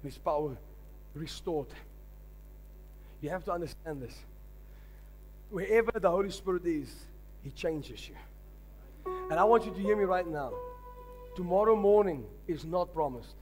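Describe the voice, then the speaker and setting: A man preaching in a high voice, telling stories with emphatic, urgent delivery. His voice rings with a long reverb through a large church hall, with faint music underneath. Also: expressive, a little slow, pauses often, a little mellow. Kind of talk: sermon.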